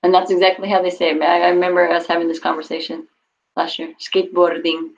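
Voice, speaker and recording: Woman, Spanish teacher, low-pitched, patient explaining, dull lo-fi call audio. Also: monotone, fast talker, vocal fry. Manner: encouraging, explains patiently with fillers. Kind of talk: online class instruction.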